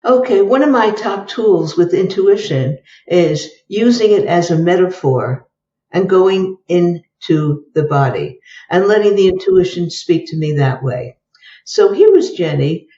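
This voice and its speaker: An older woman, a psychologist, telling case stories as an interview guest and acting out the dialogue in a lively way. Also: on the low side, recorded from a distance, slight background noise. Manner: lively storyteller who acts out the dialogue. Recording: roomy, dull sound from away from the mic.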